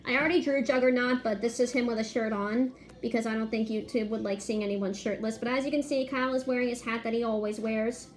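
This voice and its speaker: A woman's voice: fairly high pitch, fast. Chatty woman showing off her drawings. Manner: chatty and excited, listing details. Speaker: fan artist presenting her drawings. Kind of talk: casual video narration.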